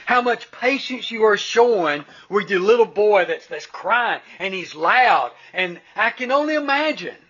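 A polite woman shopper gushes earnestly, pitched high and bright, as a male preacher voices her. Her manner is courteous and admiring. The sound is dull and lo-fi. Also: lively intonation, measured pace, few pauses, heavily acted.

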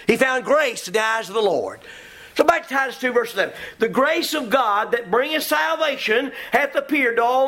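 A middle-aged man preaching a sermon in a folksy, emphatic way, quoting scripture and acting out his listeners. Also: high voice. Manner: folksy, emphatic, mimics congregants with shouts.

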